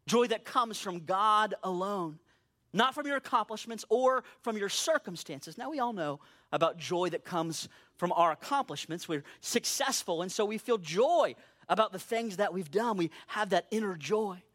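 A male pastor preaching a sermon, animated and emphatic, slowing down to read scripture aloud. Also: high-pitched.

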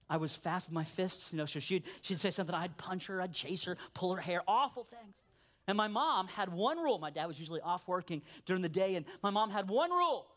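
A male preacher delivers a sermon full of vivid storytelling; he drops to low asides, then builds up to forceful points.

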